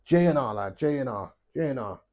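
The recording sounds dull as a young man hosts a live darts stream over webcam in a brisk, animated, mellow mid-range voice. It's casual stream chatter, jokey and sweary, with viewers called lad and mate.

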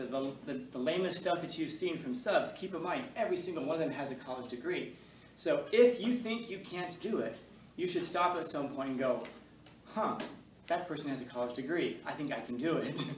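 A middle-aged male high school teacher leading a class discussion and telling a story, animated, laughing, and acting out voices. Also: a little hiss or hum. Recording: echoey classroom from far off, faint ambience.

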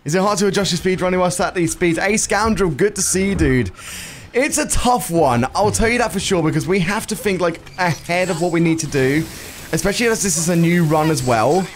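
A young man streaming a speedrun, chatting to viewers and reacting loudly to close calls. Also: on the high side, a little hiss or hum. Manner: excitable, shouts and laughs at close calls, greets chat casually. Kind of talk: excitable live gameplay commentary. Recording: game music playing behind.

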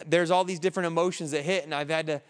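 A man's voice: a little high, fairly even intonation, quick pace, long reverb tail. A man, a pastor, preaching an earnest, conversational sermon while grieving.

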